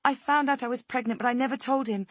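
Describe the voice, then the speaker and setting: A woman's voice: steady tone, fast, no room sound. A woman voicing a desperate mother who pleads frantically for her daughter. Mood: pleading. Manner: frantic, high-pitched pleading.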